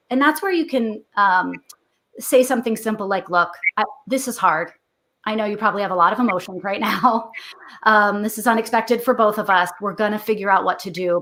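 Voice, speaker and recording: A middle-aged woman speaks as a guest author in a relaxed interview, explaining advice in a chatty, explanatory way. She slips into short acted lines for parents and kids. Her voice sits at a middle pitch.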